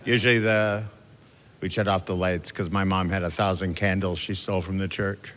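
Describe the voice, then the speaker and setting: A man performing a stand-up routine with wry, deadpan family stories and lively mimicry of his relatives. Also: sits low, moderate pace. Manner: wry, deadpan storytelling that jumps into family voices. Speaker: stand-up comedian. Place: large theater stage with a laughing audience. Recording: long hall reverb, clear audience noise.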